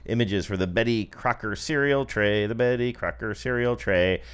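A man's voice: lowish voice, moderate pace, clear, resonant tone. A man hosting a casual podcast, joking around and quizzing his co-host. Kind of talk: casual chat.

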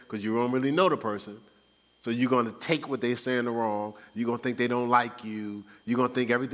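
Man teaching faith with long reverb. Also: mid-range voice. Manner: animated, acts out everyday speech. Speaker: Christian teacher. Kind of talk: conversational preaching.

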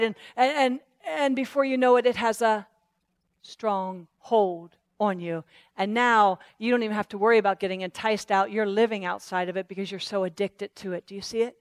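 A woman's voice: medium pitch, fairly even intonation, moderate pace, clear, resonant tone, dry recording. A woman preacher delivering an impassioned sermon, repeating phrases and restarting as she goes. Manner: impassioned, repetitive, stumbling restarts.

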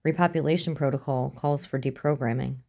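A woman voicing a wary male soldier who speaks low and matter-of-fact. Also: fairly even intonation, a little fast, gravelly, a little mellow, exaggerated voice.

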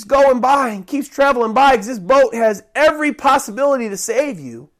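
Preacher, sermon, conversational, dramatic shouted pleas, rambling restarts. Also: sits high, lively intonation, moderate pace. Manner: dramatic, acts out the cries of those he preaches about.

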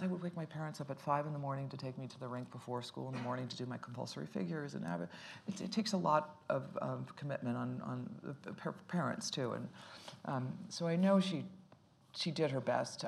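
A woman's voice: a bass voice, vocal fry, slight background noise. A middle-aged actress talking casually in an interview, rambling and restarting her sentences, often laughing.

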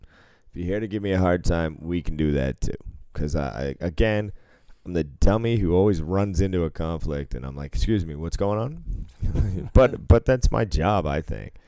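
A man's voice: low voice, animated, moderate pace, hardly any pauses, warm tone, clean tone, no room sound. A man chatting casually, telling a story about his work and acting out what people said, laughing often. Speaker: casino floor supervisor. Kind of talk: casual chat.

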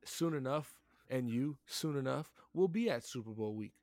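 A man's voice: mid-range voice, animated, normal speed, darkish tone, no echo. A man co-hosting a sports podcast, chatting casually and animatedly, joking and repeating himself. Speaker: podcast co-host.

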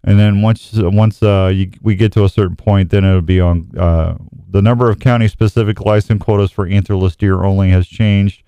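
A man's voice: fairly low pitch, fairly even intonation, moderate pace, smooth, no room sound, highs cut off. Casual man hosting outdoors radio. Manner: rambling, self-deprecating, reads reports aloud. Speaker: radio show host. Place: radio studio. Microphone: studio microphone.

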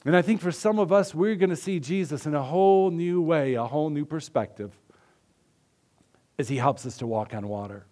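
A man's voice: a little high, normal speed. Man preaching an earnest sermon. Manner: earnest, conversational preaching with soft dips. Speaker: pastor.

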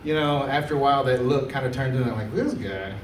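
A man's voice: mid-range voice, steady tone, fast talker, slight background noise. A man doing a laid-back, chatty stand-up set on a comedy club stage, laughing at his own jokes. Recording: roomy club sound from a distance.

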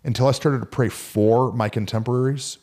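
A man, a pastor, co-hosting a casual faith podcast in a relaxed, conversational way. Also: medium pitch, a little fast. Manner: relaxed and conversational, slips into animated quoted voices.

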